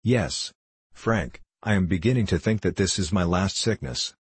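A man's voice: moderate pace, slightly rough, no echo. A man reading a frail dying mother. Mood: weak, anxious. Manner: low, weak voice.

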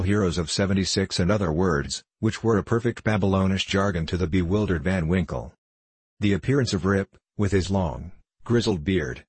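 Male narrator for a classic story, steady and measured, slightly husky. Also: sits low, no echo. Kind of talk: audiobook reading of a classic tale.

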